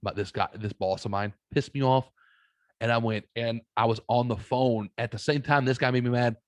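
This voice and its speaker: A man from the United States, a podcast guest, telling casual stories in a blunt, heavily swearing, animated way. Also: mid-range voice, moderate pace, no echo. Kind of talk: casual storytelling chat.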